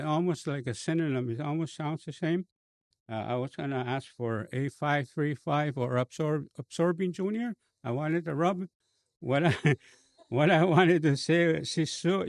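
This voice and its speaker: A man with a Cree accent, a bishop telling a personal story in a slow, halting way with many fillers and restarts. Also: fairly high pitch, no room sound. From Canada.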